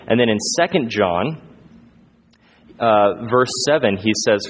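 A man's voice: mid-range voice, big pitch swings, a little slow. A man preaching a sermon in an earnest way, repeating phrases for emphasis and often restarting his sentences. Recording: long hall reverb, faint room noise.

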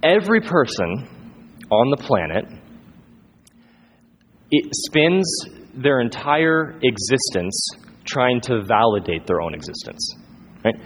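A man's voice: mid-range voice, big pitch swings, takes it slowly, pauses often. A man preaching a sermon in an earnest way, repeating phrases for emphasis and often restarting his sentences. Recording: long hall reverb, faint room noise.

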